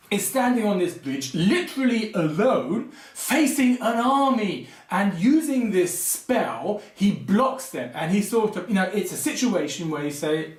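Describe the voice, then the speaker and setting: A man with a high voice talks casually about films, drifting into animated rants full of asides. His pitch swings widely, and the sound bounces around a roomy, echoey space. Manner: digressive, animated ranting with frequent asides. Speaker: film commentary video host. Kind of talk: casual spoken commentary.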